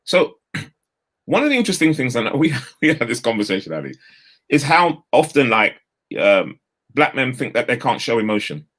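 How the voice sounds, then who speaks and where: A man, giving an energetic, straight-talking motivational talk over a video call. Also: mid-range voice, normal speed. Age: 50s. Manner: energetic, straight-talking, uses London street slang. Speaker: guest speaker.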